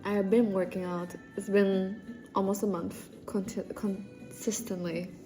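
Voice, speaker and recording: A woman's voice: mid-range voice, level tone, a little slow, mellow, faint music behind. A woman livestreaming, chatting casually and joking as she reads viewer comments, often breaking into laughter.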